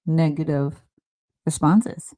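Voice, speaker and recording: Earnest middle-aged woman, podcast host, low mellow voice, halting and reflective. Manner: earnest, halting, restarts often. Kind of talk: casual heartfelt conversation.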